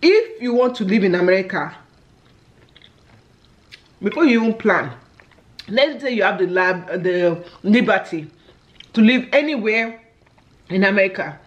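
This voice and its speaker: This Nigerian family vlogger, speaking in Nigerian English, talks while she eats on camera and tells stories with frequent exclamations. Her medium-pitched voice moves unhurriedly with many pauses, and the recording sounds muffled.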